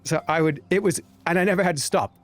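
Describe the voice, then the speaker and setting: This man has a high voice and talks at a quick pace, with no echo on the recording. He's live-streaming gameplay, addressing chat directly in a joking, meandering way.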